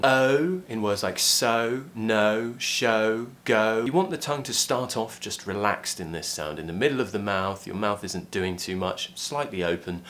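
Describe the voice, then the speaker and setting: A man with a British RP accent teaching an online pronunciation lesson, clearly modelling vowel sounds. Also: low voice, a bit bright. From Britain.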